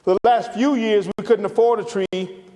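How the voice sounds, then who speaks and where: Animated man telling a story. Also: high-pitched, normal speed. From Atlanta, Georgia. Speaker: guest lecturer. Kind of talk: personal storytelling lecture. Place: lecture hall. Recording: reverberant lecture hall.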